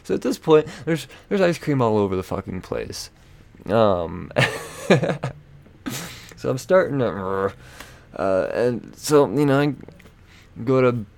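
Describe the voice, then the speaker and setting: Gravelly, profane man telling a story. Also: fairly low pitch. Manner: profane, self-mocking, frequent fillers and laughs. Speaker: podcast host. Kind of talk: casual rambling storytelling.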